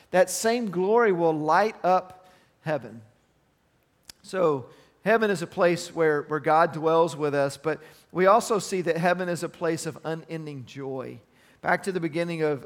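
A middle-aged male pastor preaches in an earnest, conversational way, weaving personal asides into scripture. His voice sits a little high for a man. The sound rings with the long reverb of a large hall. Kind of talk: sermon.

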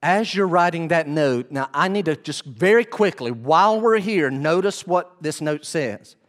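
A male pastor preaching a sermon, animated and often asking the congregation questions. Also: fairly high pitch, measured pace.

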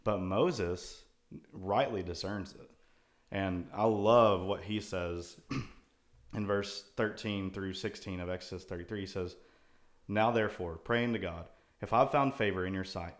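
A man's voice: low voice, a little slow. A man co-hosting a casual Christian talk show, thoughtfully quoting and explaining scripture at length. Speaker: co-host. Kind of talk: casual Bible discussion.

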